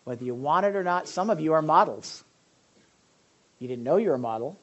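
A man preaching a conversational sermon to his congregation, lively and direct, with frequent asides and questions to his listeners. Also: on the high side, a little fast. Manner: animated, addresses the audience directly, frequent asides. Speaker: pastor.

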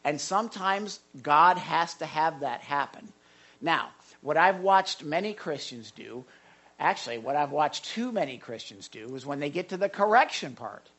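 Husky, animated male preacher. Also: fairly high pitch, moderate pace. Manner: animated preaching with repeated words and asides. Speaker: pastor. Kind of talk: sermon.

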